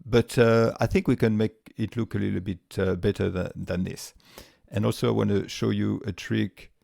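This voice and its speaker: A man with a voice walking through a spreadsheet tutorial step by step, relaxed, with frequent fillers and restarts. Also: on the low side, moderate pace, creaky, no echo, studio quality. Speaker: tutorial presenter. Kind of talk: screen-recorded software tutorial.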